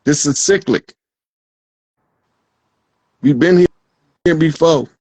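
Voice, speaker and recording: A man's voice: on the high side, takes it slowly, darkish tone, no room sound, rough recording. A man as an interview guest, speaking in a proclaiming, declamatory way. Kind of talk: conversational interview.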